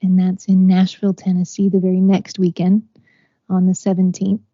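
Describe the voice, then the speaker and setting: Low, flat-voiced woman from Texas. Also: moderate pace, dry recording, muffled recording. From Texas, USA. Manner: earnest, many fillers and restarts. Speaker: interview guest, organization founder. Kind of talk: conversational interview.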